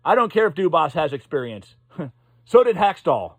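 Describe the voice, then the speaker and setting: A man's voice: fairly high pitch, very animated, no room sound. A man giving a casual, profane, exasperated hockey rant as a sports commentator, stumbling over his words. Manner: profane, exasperated, halting restarts. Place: Pittsburgh.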